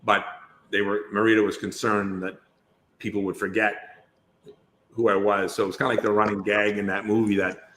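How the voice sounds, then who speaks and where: A man chats as a podcast guest, wandering through anecdotes with frequent restarts. His voice sits a bit low but rings bright and forceful. A faint hiss lies under it. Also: level tone, normal speed. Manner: rambling storyteller, many restarts. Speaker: guest actor. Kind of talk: casual interview chat.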